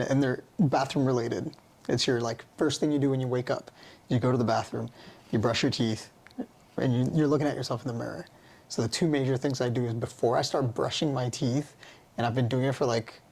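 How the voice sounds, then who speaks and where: A man's voice: medium pitch, vocal fry, a little mellow. A man talking as a podcast guest in a casual, reflective conversation, earnest and loose with slangy phrasing. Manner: earnest, musing, with easy laughs.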